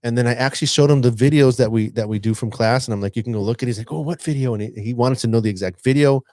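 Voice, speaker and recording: Brief: male podcast co-host, teacher, lively storyteller, dry sound, middle pitch. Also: very fast, no echo. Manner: animated, acts out a student's lines. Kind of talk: casual storytelling chat.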